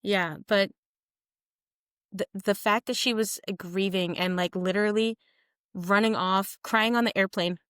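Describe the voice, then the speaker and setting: Young woman, podcast co-host, casual chat, animated, smooth voice, dry close sound. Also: mid-range voice, a little slow, no echo. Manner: animated, jokey, calls co-host "friend", acts out quotes.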